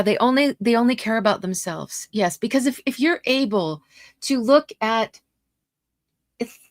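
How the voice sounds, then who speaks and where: A woman's voice: medium pitch, a bit bright, no echo, studio quality. A middle-aged woman hosting a livestream, talking passionately and indignantly, reacting to her viewers' comments. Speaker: host.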